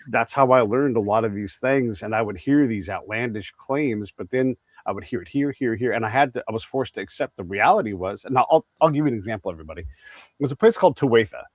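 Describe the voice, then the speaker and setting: A man hosts a conversational interview, wandering through anecdotes with frequent restarts. His voice sits at an ordinary pitch, and the recording is dry with almost no room sound. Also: no echo. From United States. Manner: rambling, storytelling with many restarts. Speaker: podcast host.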